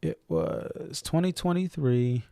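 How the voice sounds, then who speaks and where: A man's voice: fairly high pitch, slow pace, gravelly, warm tone, no room sound. A man with a faint Boston accent, rambling and correcting himself as he hosts a casual live-stream chat. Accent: slight Boston. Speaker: stream host.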